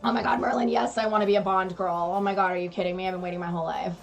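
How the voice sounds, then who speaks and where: A woman's voice: fairly low pitch, fairly even intonation, rapid-fire. Young woman, casual chat, laughs easily, reads viewer questions, faint music behind. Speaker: co-host of a couple's live stream.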